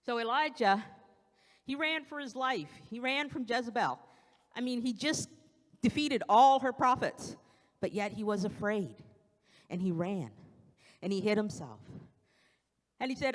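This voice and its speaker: A woman's voice: a little high, animated, a little slow, pauses often. Woman preaching in reverberant church. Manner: conversational preaching with acted-out quotes. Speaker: church speaker. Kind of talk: evening sermon. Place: church sanctuary. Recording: long church hall reverb.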